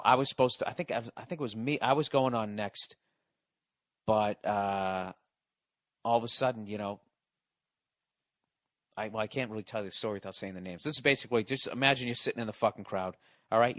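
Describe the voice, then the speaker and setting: A man hosting a podcast, telling a story in a casual, profane, animated way that keeps building excitement. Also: mid-range voice, no echo, clean studio sound. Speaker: podcast host.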